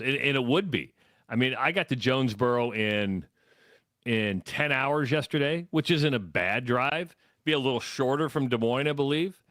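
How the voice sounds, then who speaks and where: A man's voice: mid-range voice, expressive, moderate pace, fairly bright tone, no echo. Middle-aged Midwestern male radio co-host, rambling storyteller, close dry studio mic. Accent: American Midwest. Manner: rambling, self-correcting storyteller. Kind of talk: casual sports talk.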